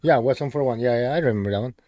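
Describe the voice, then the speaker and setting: A man's voice: mid-range voice, rapid-fire, dark tone, no room sound. Young guy, co-host telling stories, laughs a lot, says "bro" constantly, dry close sound. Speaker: podcast co-host. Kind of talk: casual storytelling chat.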